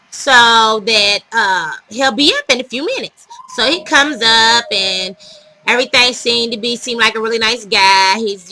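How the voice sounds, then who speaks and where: A high, sharply bright woman's voice tells a dating story to her viewers. She talks casually and dramatically, with animated outrage and laughter woven through. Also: rough recording. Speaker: vlogger telling her dating stories.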